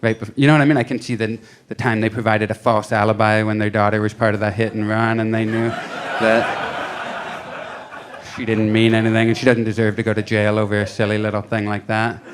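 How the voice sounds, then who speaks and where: A man's voice: lowish voice, flat delivery, a little fast, noisy background. A man in his thirties performing stand-up comedy in a casual, self-deprecating way, acting out voices as he tells stories. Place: comedy club stage.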